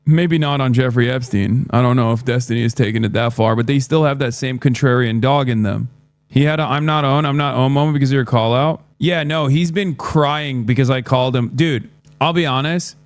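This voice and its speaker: A man's voice: mid-range voice, a little fast, no room sound. A man doing livestream commentary, blunt and sarcastic, often swearing. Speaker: streamer.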